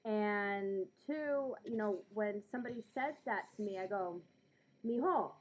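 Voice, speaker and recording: A woman's voice: medium pitch, measured pace, rough recording. A young Latina woman vlogging in a casual, emphatic way, pronouncing each word carefully and now and then slipping into a street accent. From United States. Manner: enunciates every word, slips into Bronx Latina speech; lively and emphatic, with many fillers. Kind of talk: casual talk to camera.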